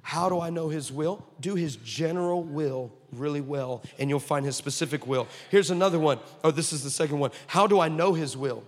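A man preaching a sermon, telling stories with humorous asides and animated delivery. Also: on the high side, fairly quick, few pauses. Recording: long hall reverb.

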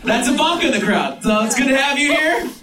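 A Mexican American stand-up comedian hosts a show on a pub stage before a live crowd, loud and working the audience, swearing and laughing often. His voice is extremely high, fast and lively in intonation. The roomy pub recording picks up the mic from a distance, along with crowd noise.

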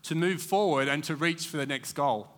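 A man's voice: on the high side, normal speed, a bit bright, long reverb tail. A man preaching a church sermon in a conversational, digressive way, with many fillers.

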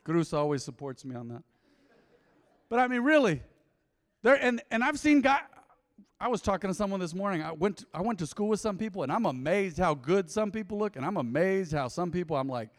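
Middle-aged male pastor, high voice, lively conversational sermon delivery, long church reverb. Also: a little fast. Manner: animated, conversational preaching with asides to the congregation. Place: large church auditorium.

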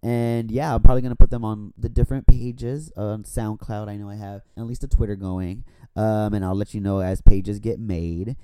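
Man, tipsy podcast host, rambling, swears a lot, very warm dark tone, dry close sound. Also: lowish voice, steady tone, moderate pace, smooth, no room sound. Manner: rambling and profane. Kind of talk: casual chat. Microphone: borrowed studio microphone.

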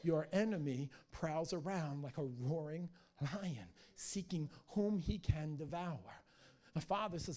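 Middle-aged male pastor, high voice, energetic, jokey sermon delivery. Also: unhurried. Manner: energetic, joking and animated storytelling.

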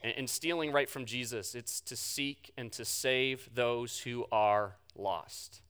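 A man preaching a sermon, telling the story with animation and swinging from loud bursts to hushed words. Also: medium pitch, slow, clear, resonant tone. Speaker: pastor.

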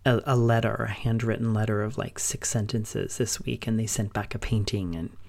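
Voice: medium pitch, steady tone, moderate pace, creaky. Middle-aged podcast host, reflective monologue, emotional, run-on delivery. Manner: open and emotional, long run-on sentences linked with "and".

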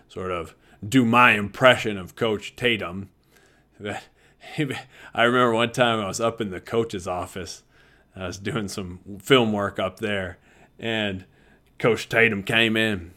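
A man's voice: lowish voice, sharp tone. Earnest male visual arts teacher. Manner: earnest, conversational, laughs easily. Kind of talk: talk to fellow teachers.

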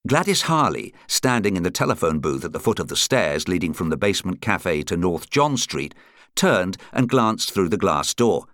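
A man narrating a true-crime audiobook in a measured, atmospheric reading style. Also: deep voice, very animated, fairly bright tone, no echo, studio quality.

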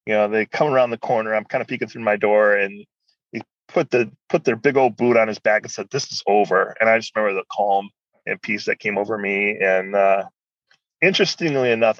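A man as a guest, telling a personal story in an animated, rambling way. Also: lowish voice, dry recording, highs cut off.

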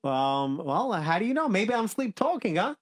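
A man's voice: sits high, very animated, moderate pace, no echo, studio quality. A man telling a story to children, rambling and playful, interrupting himself and bantering.

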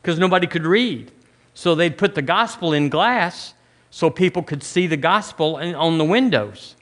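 A man's voice: a little high, lively intonation, normal speed, a bit bright. A man preaching a sermon as pastor, in a casual, conversational way, often restarting his phrases.

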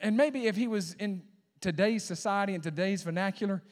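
A man pastor preaching a sermon to a congregation, with call-and-response lines and sudden swings between hushed talk and loud emphasis. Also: high voice, brisk. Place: church sanctuary. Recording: long hall reverb.

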